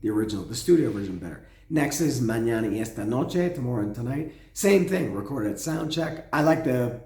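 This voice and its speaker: A man hosting a casual spoken album review, his voice hoarse and cracking, rambling with restarts and humming along. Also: mid-range voice, expressive, brisk, dark tone. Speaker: host. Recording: echoey room.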